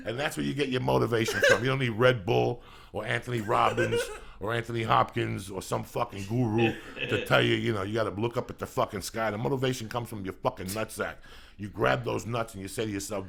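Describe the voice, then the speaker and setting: A man hosting a podcast, delivering a loud, crude, comedic motivational rant in a studio, riffing and bursting into shouts. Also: mid-range voice, quick pace, creaky. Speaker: podcast host.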